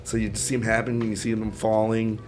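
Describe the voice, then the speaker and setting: Low-voiced man rambling through explanations. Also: completely flat delivery, fast, loud music behind the voice. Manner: rambling explainer, many fillers. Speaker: podcast co-host. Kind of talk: casual chat.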